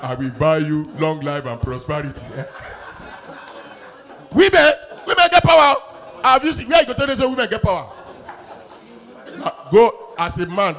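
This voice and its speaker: A man with a Nigerian Pidgin accent doing an animated stand-up set, acting out his bits loudly. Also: high voice. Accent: Nigerian Pidgin English. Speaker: stand-up comedian.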